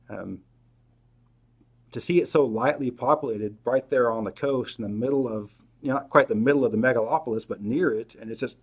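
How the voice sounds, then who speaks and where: A middle-aged man hosting a casual livestream Q&A, answering viewer questions in a relaxed way, thinking aloud with many fillers and restarts. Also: mid-range voice, breathy edge. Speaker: host.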